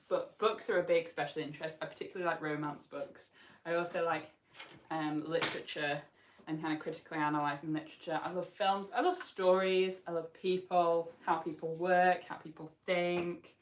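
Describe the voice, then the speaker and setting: A woman's voice: lowish voice, steady tone, moderate pace. A woman chatting as a guest on a livestream, dry and self-deprecating. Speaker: guest co-host. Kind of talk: casual chat. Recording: roomy, distant mic, faint noise.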